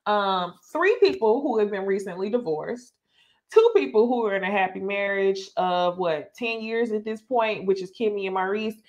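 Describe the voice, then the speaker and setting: A woman hosts a live recap of a reality show and chats freely with her viewers. Her delivery is animated and full of slang, and she talks straight to the audience. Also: medium pitch. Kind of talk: casual live recap commentary.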